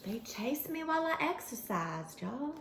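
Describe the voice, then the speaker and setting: A woman telling a children's story in an animated way, speaking as the character in the first person. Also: high-pitched, a little slow, background noise. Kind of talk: expressive read-aloud storytelling. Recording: echoey room.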